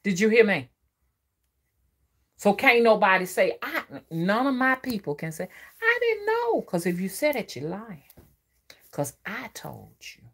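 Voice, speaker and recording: Her voice is medium in pitch and expressive, with a breathy edge, a measured pace and long pauses. This woman is a spiritual reader ranting in a profane, preachy, emphatic monologue, frequently asking if the listener is following and wanting them to agree.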